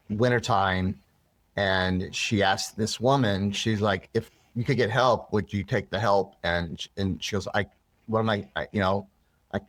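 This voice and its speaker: A man's voice: low-pitched, fairly bright tone, dry recording. A man being interviewed, earnestly telling a personal story with many restarts and rambling asides. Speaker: interview guest.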